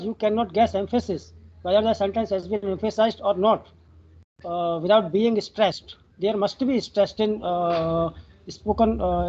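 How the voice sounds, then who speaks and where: High-voiced Indian man, halting explanation. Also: mellow. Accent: Indian English. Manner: halting, explanatory, many fillers. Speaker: workshop participant. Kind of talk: online workshop discussion. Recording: dull lo-fi call audio.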